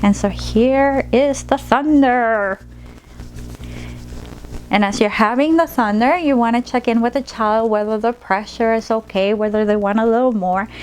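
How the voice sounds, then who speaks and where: A woman play therapist demonstrating a storytelling technique, switching between slow, gentle storytelling and practical instructions. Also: on the high side, soft background music.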